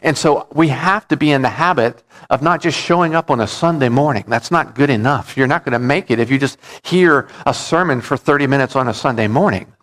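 A man's voice: mid-range voice, a bit bright. Man preaching an earnest sermon. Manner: earnest, measured preaching with repetitions and restarts. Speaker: pastor.

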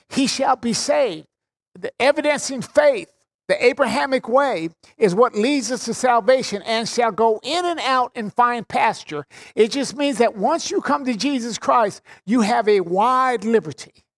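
A man preaching a sermon, expounding scripture with emphatic repetition and casual conversational asides. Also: very high voice. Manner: emphatic, repeats phrases for stress.

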